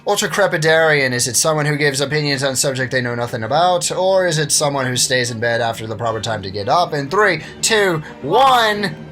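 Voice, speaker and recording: A man's voice: fairly high pitch, expressive, brisk, fairly bright tone, soft background music. A man co-hosting a casual word quiz, joking around and slipping in and out of mock accents. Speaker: co-host of a word quiz stream. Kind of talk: casual chat.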